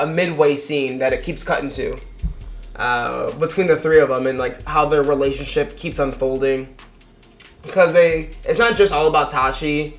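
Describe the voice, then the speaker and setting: A man's voice: fairly high pitch, a bit bright, roomy sound. A man giving a casual, rambling film review, swearing freely and acting out the characters' lines in mock voices. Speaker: movie reviewer.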